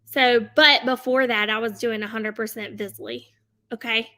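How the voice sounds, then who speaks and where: High bright-voiced woman coaching casually. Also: steady tone, moderate pace. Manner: chatty, tags nearly every sentence with "okay?"; upbeat and laughing often. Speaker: host coaching online sellers. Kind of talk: casual live-stream coaching. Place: home office at a desk.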